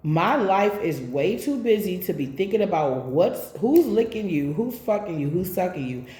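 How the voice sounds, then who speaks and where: A woman's voice: lowish voice, very animated, normal speed, mellow. A woman giving a casual tarot reading, speaking bluntly with plenty of swearing, straight to her viewers. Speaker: tarot reader. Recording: echoey room.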